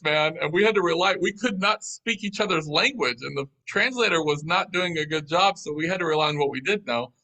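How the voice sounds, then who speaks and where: Animated storytelling man, bright voice. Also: fairly high pitch, rough recording. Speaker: guest. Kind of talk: storytelling in an interview.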